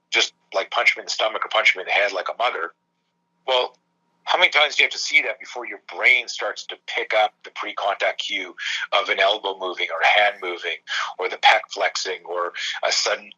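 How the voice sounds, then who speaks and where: A middle-aged man, a self-defense coach, telling stories in a fast, emphatic way and acting out the dialogue himself. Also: fairly low pitch, sharp tone, breathy edge, lo-fi sound. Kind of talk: animated storytelling in a podcast conversation.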